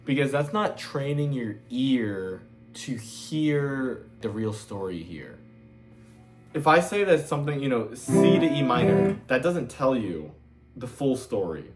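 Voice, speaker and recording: A man's voice: medium pitch, big pitch swings, measured pace. A man giving a casual guitar lesson in a loose, chatty way, sometimes singing the chord numbers. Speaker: music teacher. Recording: loud guitar playing behind the voice.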